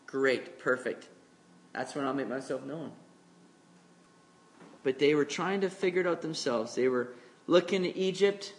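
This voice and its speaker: A man preaching an expository sermon in a conversational way, slowing down to read scripture and acting out the voices of the people he quotes. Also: on the high side. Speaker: pastor.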